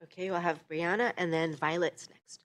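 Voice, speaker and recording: A woman's voice: fairly low pitch, steady tone, heavy background noise. A woman calling up speakers and encouraging them at a school board meeting. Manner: encouraging, brisk.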